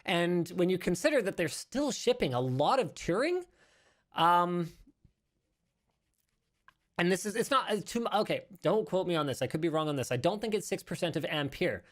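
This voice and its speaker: Guy hosting a tech podcast, rambly and animated, keeps fixing what he just said. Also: sits high, normal speed. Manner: animated, rambling, self-correcting. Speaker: podcast host. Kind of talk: casual tech news chat. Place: studio.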